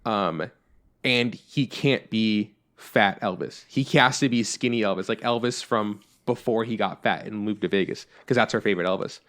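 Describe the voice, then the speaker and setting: Casual podcast chat comes from this young male co-host, who rambles and leans heavily on fillers such as "like" and "you know." He has a lowish, fairly bright voice at a normal pace.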